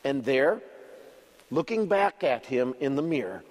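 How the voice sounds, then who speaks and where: A man preaching a children's sermon as an expressive storyteller who uses dramatic pauses. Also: mid-range voice, in a large hall. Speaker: pastor.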